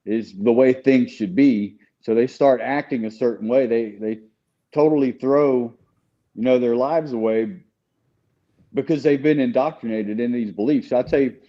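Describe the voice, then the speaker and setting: Mellow-voiced man telling a story. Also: medium pitch, moderate pace, muffled recording. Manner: conversational, with repeated restarts and "you know". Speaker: podcast guest. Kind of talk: casual storytelling chat.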